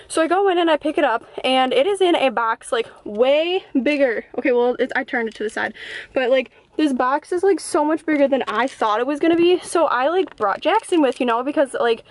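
A young woman, a mother, telling a rambling, chatty story to her camera from inside her car, saying "like" constantly. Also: high-pitched. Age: young adult. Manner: rambling, chatty, heavy use of "like". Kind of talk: casual vlog storytelling.

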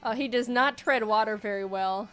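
A young woman in her twenties casually commenting while playing a video game, often jumping high when excited. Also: normal speed. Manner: excitable, squeals high at cute creatures. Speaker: gaming YouTuber. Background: faint game music.

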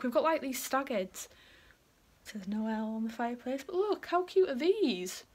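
A woman's voice: fairly high pitch, a little hiss or hum. A young woman chatting in a casual home vlog, bubbly and rambling as she gushes over things. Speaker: vlogger. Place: family home, indoors.

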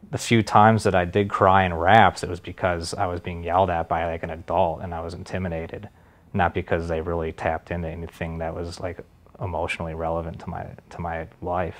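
A man with a very deep voice recounts his school experience in a documentary interview. His delivery is flat, with little rise and fall. He hesitates often and reaches for "like" between his thoughts. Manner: hesitant, fills with "like". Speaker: interviewee, former student.

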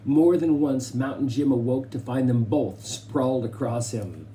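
Casting: male storybook narrator, mellow and dark-toned, measured delivery. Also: medium pitch, a little hiss or hum. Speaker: audiobook reader. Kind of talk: scripted narration.

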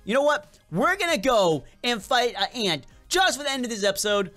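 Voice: medium pitch, very animated, normal speed, sharp tone, faint music behind. A gaming video creator with a slight accent and a lingering cold, giving playful, chatty gameplay commentary straight to viewers.

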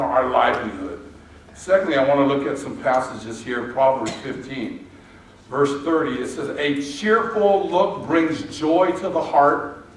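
Conversational preacher in an echoey church hall. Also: male voice, on the high side, slight background noise. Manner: conversational, storytelling preaching with asides. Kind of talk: sermon. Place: church auditorium. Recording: echoey hall, distant mic.

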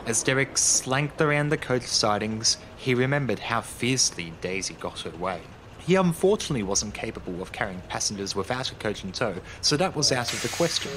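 Man narrating a calm storybook. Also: medium pitch, a little fast. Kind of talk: scripted narration. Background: music.

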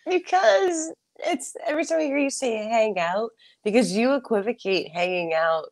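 A woman's voice: mid-range voice, animated, fairly quick. A young woman on a live show, flustered and pleading, laughing nervously. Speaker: guest. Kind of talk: casual live-stream banter.

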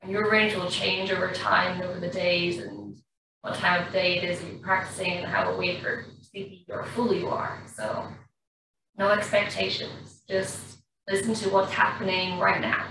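A woman, a yoga instructor calmly guiding a class through slow breathing in a studio. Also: medium pitch, gravelly. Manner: slow, calm, even-toned guidance. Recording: very echoey room, far from mic, faint noise.

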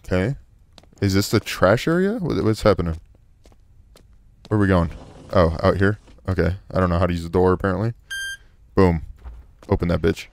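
Dude playing a horror game, swears constantly, jumpy and jokey, lowish voice. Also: male voice, fairly quick, pauses often, no room sound. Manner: profane, jumpy and joking. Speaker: gaming YouTuber. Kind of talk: horror game let's play commentary.

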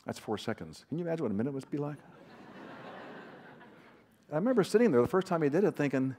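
A man gives an anecdotal teaching talk to a large audience in a hall. He speaks conversationally, with some fillers and restarts. He leans on personal stories and gentle self-deprecating humor. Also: a little high, very animated, fast talker. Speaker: Christian author and counselor speaking at a conference.

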